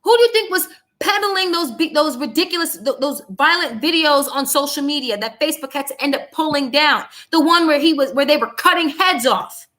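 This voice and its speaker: A young woman hosts her own show in a heated political monologue. Her voice sits high and bright, and she speaks bluntly, repeating lines for emphasis. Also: lively intonation, fairly quick, few pauses. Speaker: host of a commentary show. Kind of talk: angry political commentary monologue.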